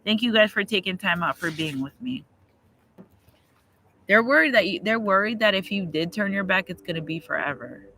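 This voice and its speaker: A man's voice: high-pitched, lively intonation, normal speed, bright, forceful tone, slight background noise, rough recording. A man giving a live tarot reading outdoors, talking straight to his viewers in an emphatic, slangy way. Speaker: tarot reader.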